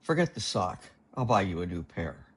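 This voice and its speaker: A man voicing a hungover, sarcastic woman writer, delivering her lines curt and dry in his own husky voice. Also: low-pitched, very animated, moderate pace, voice pushed down, full character voice.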